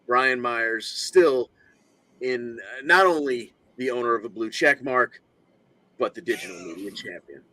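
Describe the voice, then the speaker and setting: A man co-hosting a podcast over a video call, recapping matches in a relaxed, rambling play-by-play with plenty of fillers. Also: medium pitch, a little slow. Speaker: podcast co-host.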